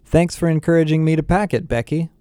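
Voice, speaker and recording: A man's voice: a little high, fast, dark tone, clean tone, no room sound, pitched above the performer's own voice, lightly acted. A man reading a novel aloud, voicing a playful, slang-loving teenage boy.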